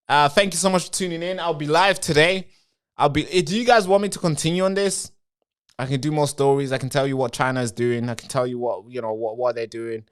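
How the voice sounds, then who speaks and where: A man's voice: medium pitch, smooth. Man hosting a rambling live stream. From Britain. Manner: talks straight to viewers and answers chat comments, rambling.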